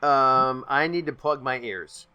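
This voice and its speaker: A man's voice: mid-range voice, unhurried, clean tone, highs cut off. A man playing a tabletop role-playing game, joking and rambling between his character's moves. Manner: joking, rambling, animated asides. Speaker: player. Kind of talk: casual tabletop game play.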